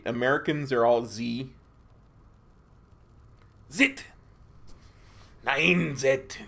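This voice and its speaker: Male game streamer, gravelly voice, rambling and easygoing, faint game music underneath. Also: mid-range voice, fairly bright tone. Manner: laid-back, rambling, chatting with viewers. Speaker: gaming streamer. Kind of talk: casual gameplay chat.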